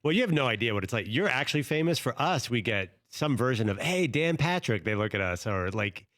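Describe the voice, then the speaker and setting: A man on a sports talk panel fires off quick, wry remarks with a lively lilt. His voice is dry and close in the studio. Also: medium pitch, no room sound. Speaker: show regular. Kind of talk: casual studio banter.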